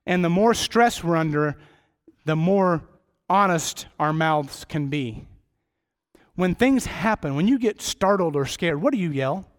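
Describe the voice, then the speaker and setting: A middle-aged man preaching a sermon in church, rambling with jokey, self-deprecating asides. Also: a little high.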